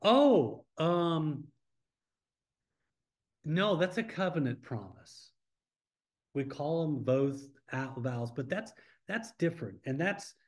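A man with a fairly high voice teaches a midweek Bible study in a church. He talks informally and keeps turning to the class with questions. His tone is plain and conversational rather than preached.

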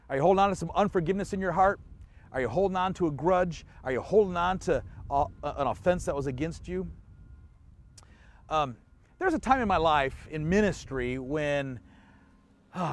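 A man pastor giving an online church sermon in a conversational way, asking the listener questions and chuckling often. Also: fairly high pitch.

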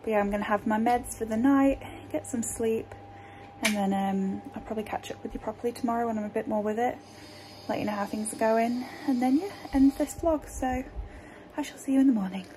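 A woman's voice: a little high, a little fast, background noise. A woman vlogging in casual chat to camera, tired and a little out of breath, rambling with lots of fillers, recorded on a phone in a small room.

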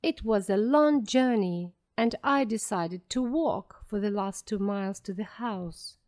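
Slow clear woman reading a story. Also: medium pitch, a little mellow. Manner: clear, careful and deliberate. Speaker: audiobook narrator. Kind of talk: slow graded-reader narration for learners.

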